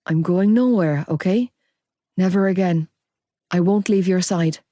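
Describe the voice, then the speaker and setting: Woman playing a calm young guy, low, slow, reassuring, dry recording. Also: no echo, natural voice. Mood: soothing, steady. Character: calm steady young Irish man, reassuring.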